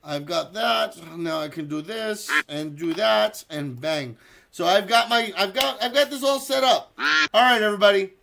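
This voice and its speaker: A gravelly, high-voiced man at normal speed hosts a casual stream for his community server. He talks with viewers, calls a duck race, swears without restraint, and quacks loudly to cheer the races.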